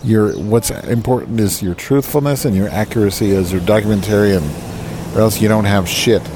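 A man's voice: fairly low pitch, moderate pace. A man ranting in a casual vlog from a park bench, profane, grumbling and self-pitying. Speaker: vlogger. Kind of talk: rambling outdoor vlog rant. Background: birds and passing traffic.

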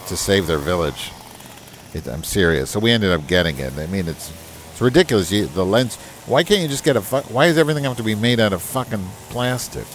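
A man's voice: lowish voice, a little hiss or hum. An older man hosting a podcast, talking casually with profane, sarcastic grumbling. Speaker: podcast host. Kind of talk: casual comedic podcast monologue. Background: yard machinery droning nearby.

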